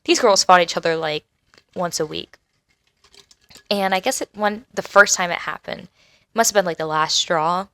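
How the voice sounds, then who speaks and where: A young adult woman co-hosting a podcast, recalling school days in expressive casual chat and laughing often. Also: on the low side, normal speed, long pauses, dry recording. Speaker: podcast co-host.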